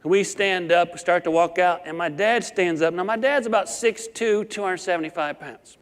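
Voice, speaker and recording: A man giving a talk as a professional speaker, telling a story in an animated way and acting out the voices. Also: sits high, moderate pace, few pauses, clean tone, in a large hall.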